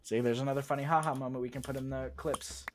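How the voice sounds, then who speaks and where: A man's voice: medium pitch, fairly even intonation, fast talker. A young man chatting casually while streaming a video game, rambling off on tangents with a self-deprecating streak. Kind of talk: casual gaming stream chat. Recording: loud game noise behind voice. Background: loud game sounds.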